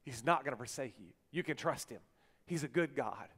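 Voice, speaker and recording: A pastor preaching a sermon, swinging from hushed lines to loud bursts. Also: male voice, medium pitch, animated, brisk, husky. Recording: long church hall reverb.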